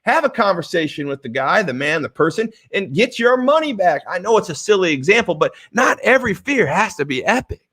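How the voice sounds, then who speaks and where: A middle-aged man with a high voice tells a personal story in a motivational talk. He speaks in an animated, heartfelt way and often stops to restart a phrase mid-thought. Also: a little fast, hardly any pauses, breathy edge.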